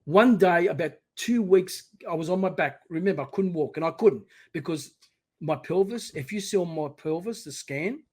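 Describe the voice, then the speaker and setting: A middle-aged man speaking as a podcast guest, his voice sitting a little high for a man. He tells his story with emphatic, animated energy. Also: moderate pace. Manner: emphatic, animated storyteller, often quoting himself. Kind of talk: personal storytelling in conversation.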